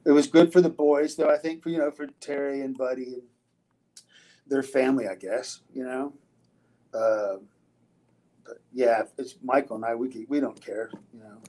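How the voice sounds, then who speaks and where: A man's voice: medium pitch, steady tone, moderate pace, long pauses, warm tone, rough recording. An older man, a retired wrestler, answering interview questions in a loose storytelling way, with frequent restarts, fillers and casual swearing.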